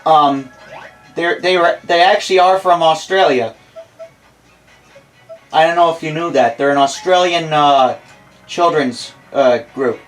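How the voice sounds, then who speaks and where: A man's voice: a little high, measured pace, pauses often, soft background music, low-quality recording. A young American man in his twenties chatting casually over gameplay as a let's play host, rambling and self-deprecating.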